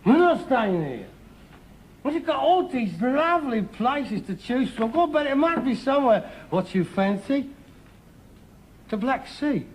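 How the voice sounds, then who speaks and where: A mocking, dreamy son. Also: male voice, very high voice, very animated, a little slow, exaggerated voice. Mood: wheedling. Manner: wheedling, mocking and daydreaming. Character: ambitious, scornful working-class son, middle-aged. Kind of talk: 1960s-70s TV sitcom acting. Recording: faintly hissy archive TV recording, far laughter.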